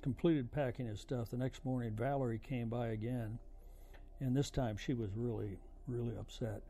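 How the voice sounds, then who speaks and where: An older man, a veteran, recounting his memories in a halting, reflective way with frequent "uh" fillers. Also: medium pitch, fairly even intonation, mellow. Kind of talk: oral history storytelling. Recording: music playing under voice. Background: music.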